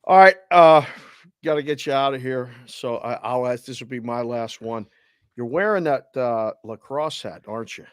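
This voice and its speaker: A man's voice: mid-range voice, moderate pace, smooth, no echo, clean studio sound. A man co-hosting a sports podcast, wry and playful, steering the chat. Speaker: co-host.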